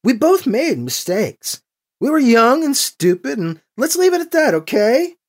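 Narrator voicing a volatile young woman, teasing and profane, pitched high and husky. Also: huge pitch swings. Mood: angry. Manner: quick-tempered, swears, teasing.

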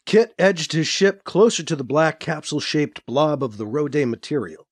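A man narrating a science fiction story, lively and expressive. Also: a little high, moderate pace, hardly any pauses. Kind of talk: scripted narration.

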